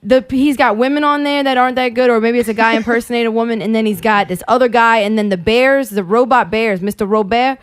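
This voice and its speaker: Podcast lady talking fast and loose, swears a lot, kinda high voice, dry close mic. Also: clear, resonant tone, no room sound. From Louisiana. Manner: animated storytelling, swearing freely, slipping into an exaggerated Cajun impression. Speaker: podcast co-host. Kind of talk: casual podcast chat.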